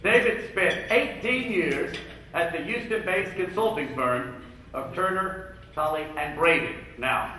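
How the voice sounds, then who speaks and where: A man working as a comic emcee at a luncheon, firing off rapid jokes and slipping in and out of impressions. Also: on the high side, lively intonation, sharp tone, slight background noise. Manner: rapid-fire jokes and impressions, jumping in and out of voices. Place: luncheon event hall. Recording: echoey hall, far from the mic.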